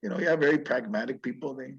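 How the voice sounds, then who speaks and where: A man, a rabbi, teaching through stories in an animated, conversational way that is sprinkled with chuckles. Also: medium pitch, fast, vocal fry, slightly rough, highs cut off. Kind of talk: storytelling lecture.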